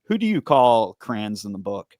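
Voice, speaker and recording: A man hosting a true-crime podcast interview, asking steady questions and recounting his side of events. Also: fairly low pitch, moderate pace, no room sound, clean studio sound. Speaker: podcast host, former police officer. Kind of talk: conversational interview.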